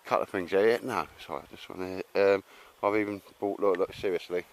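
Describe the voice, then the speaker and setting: A man's voice: sits low, fairly even intonation, quick pace. An older man chatting casually to camera at an outdoor campsite, rambling and laughing, calling everyone mate. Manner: matey, laughing, rambling with fillers. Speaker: vlogger. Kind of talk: casual chat.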